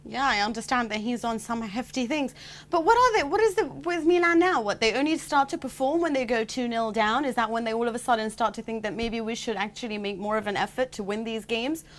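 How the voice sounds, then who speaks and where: A woman's voice: on the high side, a bit bright. A woman hosting a football show, leading a casual chat with wry asides. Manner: chatty, wry, quick asides. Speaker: host.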